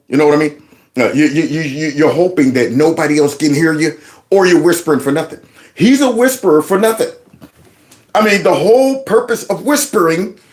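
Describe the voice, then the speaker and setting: A man hosting a reaction show, mocking and incredulous as he comments on clips. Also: on the high side. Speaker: host.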